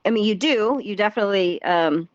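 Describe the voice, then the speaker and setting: A woman's voice: mid-range voice, brisk, dry recording, lo-fi sound. A woman guest on a casual podcast interview, a theatre performer and dance teacher, talking in a chatty way with frequent laughs, fillers and restarts. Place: virtual reality social world voice chat.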